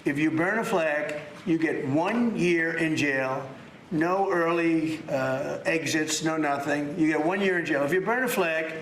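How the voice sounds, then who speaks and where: A man's voice: on the high side, measured pace, a little hiss or hum. Emphatic man in a roomy press clip. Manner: emphatic and repetitive. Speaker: politician speaking to the press. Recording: roomy clip with faint ambience.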